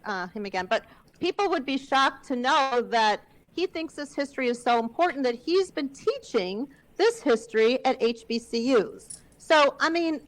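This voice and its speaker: A woman hosting a panel conversation on a video call, chatty and relaxed, with many fillers. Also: high-pitched, moderate pace, rough recording. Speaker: film director hosting the panel.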